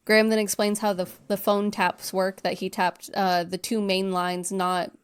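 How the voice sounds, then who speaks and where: A woman co-hosting a podcast, recapping a film in casual chat, animated and profane, acting out the characters. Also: mid-range voice, moderate pace, clear, resonant tone. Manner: animated, swears a lot, acts out characters. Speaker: podcast co-host.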